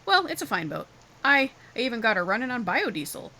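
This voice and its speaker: A stubborn old boatman who says things flat out, read aloud by a woman. The voice stays bright and lively rather than deep. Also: a little fast, slight background noise, exaggerated voice, poor audio. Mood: gruff. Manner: blunt, stubborn.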